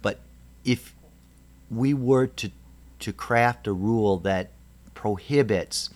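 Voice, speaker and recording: A man lecturing on courtroom cross-examination in a measured way, with frequent ums and restarts. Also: lowish voice, darkish tone. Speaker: lecturer on trial advocacy. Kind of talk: recorded lecture presentation.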